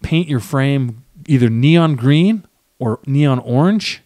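A man's voice: mid-range voice, expressive, slow pace, darkish tone, no echo, clean studio sound. A man co-hosting a podcast, telling a story in casual chat and acting out the voices of people he quotes. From Wisconsin. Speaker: podcast co-host.

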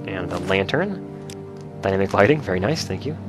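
A man giving excitable, joking commentary while playing a video game. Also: low voice, brisk, music in the background. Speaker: let's play host. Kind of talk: casual gameplay commentary.

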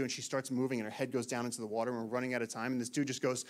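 Animated man telling a jungle story. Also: medium pitch, rapid-fire. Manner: animated, acts out shouted quotes. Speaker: naturalist giving a talk. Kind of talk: storytelling talk to an audience. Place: lecture hall, in front of audience.

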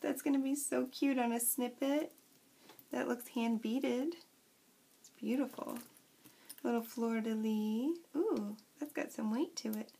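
A woman vlogger chatting casually as she unboxes craft supplies, gushing and excitable. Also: a little high, measured pace, gravelly, slightly rough.

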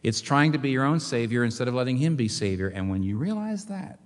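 A man's voice: medium pitch, fast. A man delivers a sermon from the pulpit of a large church hall. His voice sits in a middle register but leaps up and down, full of rhetorical questions. A long reverb trails after each phrase. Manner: animated preaching with rhetorical questions. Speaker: pastor.

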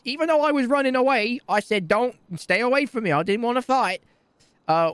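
A man with a high, tight-voiced delivery rambles brashly through improvised role-play, crude and quick to complain. His voice sits close and dry, with no room around it. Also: a bit bright, clear, resonant tone, no room sound. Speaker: streamer playing a role-play character.

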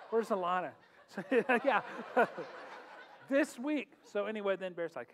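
High-voiced joking male pastor in a hall. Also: very animated, measured pace, a bit bright. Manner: joking, chatty, laughs often. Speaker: pastor hosting a worship night. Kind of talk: casual humorous talk and prayer. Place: church sanctuary. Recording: long hall reverb, faint music.

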